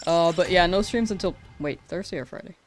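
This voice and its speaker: A worn-out game streamer chatting loosely on a live stream, right up on the mic. They ramble, trip over their words and laugh things off, in a middle-pitched voice. Faint game music plays underneath. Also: brisk. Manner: rambling, self-correcting, laughs often. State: tired after a long stream. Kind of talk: casual live-stream chat. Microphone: close to the mouth.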